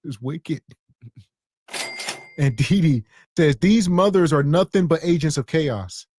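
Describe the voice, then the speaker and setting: A man's voice: on the high side, expressive, takes it slowly, a little mellow, no echo, clean studio sound. A man co-hosting a podcast, joking in slang and reading out chat comments. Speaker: podcast co-host.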